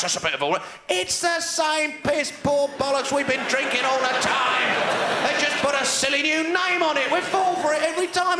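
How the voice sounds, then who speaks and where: A man's voice: very high voice, pushed and bright. A man with a southern English accent doing a live stand-up routine, ranting in a sardonic way. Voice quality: ranting, sardonic and fast-talking. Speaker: stand-up comedian. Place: large theater stage. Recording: echoey theater hall.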